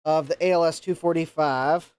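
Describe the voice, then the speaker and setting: A man's voice: fairly high pitch, steady tone, normal speed, darkish tone, clean tone, no room sound. A man hosting a live repair stream, thinking aloud and counting pins as he checks a circuit board. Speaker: host of a retro computer repair livestream.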